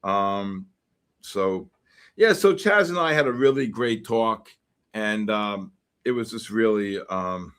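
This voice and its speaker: A man from the Bronx, hosting a live futures trading stream and reacting excitably to the market while greeting viewers. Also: lowish voice, takes it slowly, clear, resonant tone. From the Bronx, New York. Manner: excitable, greets chat names in bursts. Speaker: host and futures trader.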